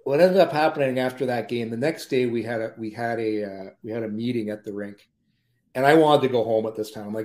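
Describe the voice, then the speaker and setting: A man, a former pro hockey player, telling lively anecdotes as a podcast guest and often laughing mid-story. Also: mid-range voice, fairly quick. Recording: roomy echo.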